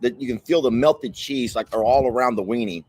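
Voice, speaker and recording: A man's voice: medium pitch, a little fast, darkish tone, husky. A man hosting a casual vlog, chatty and playful, teasing himself as he talks. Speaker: host.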